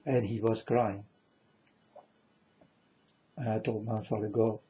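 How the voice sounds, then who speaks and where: Slow, solemn man in a muffled recording. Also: level tone. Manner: solemn, halting, repeats phrases, sometimes loud. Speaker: self-styled prophet. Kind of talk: religious monologue to viewers. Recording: muffled low-fidelity recording.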